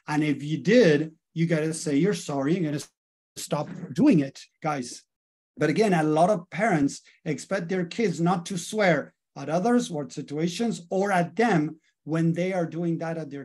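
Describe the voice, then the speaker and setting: A middle-aged man, a life coach, leading a live online training and calling out to his audience often. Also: fairly high pitch. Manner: lively, addresses audience as guys often.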